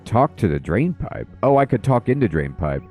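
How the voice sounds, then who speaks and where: A man's voice: lowish voice, sing-song, moderate pace, darkish tone, soft background music. A man playing a video game and thinking aloud as he goes, in a let's play commentary at a desk microphone. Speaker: gaming video host.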